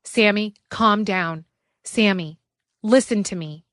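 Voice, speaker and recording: A woman voicing a tough female ex-soldier who gives sharp, firm commands in an audiobook. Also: mid-range voice, slow pace, dry recording, studio quality. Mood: urgent, commanding.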